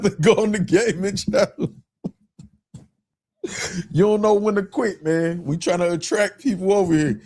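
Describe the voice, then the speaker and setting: A man's voice: high voice, moderate pace, a little mellow. A man hosting a casual livestream, talking loosely to his chat, repeating himself and laughing often. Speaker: livestream host.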